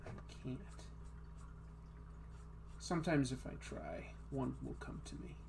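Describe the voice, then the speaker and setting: A man's voice: medium pitch, big pitch swings, slow pace, gravelly, background noise. A man from the Boston area, hosting a casual chat while drawing and laughing at himself. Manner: self-mocking, laughs at his own jokes. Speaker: host.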